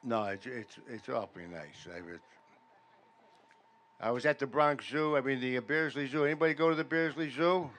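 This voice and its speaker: A man doing a stand-up comedy set in a veterans' hall, telling deadpan stories that build louder toward each punchline. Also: mid-range voice, moderate pace. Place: veterans' hall function room.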